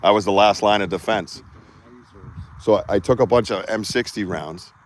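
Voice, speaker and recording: A man hosting a podcast live outdoors, telling profane, animated war stories and acting out the shouts of the people in them. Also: fairly low pitch, moderate pace. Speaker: podcast host. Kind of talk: casual storytelling on a live outdoor stream.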